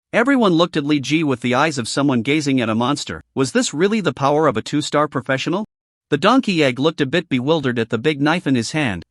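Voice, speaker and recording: A man reading a scripted story recap in a steady narrating voice. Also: on the high side, dry recording, studio quality.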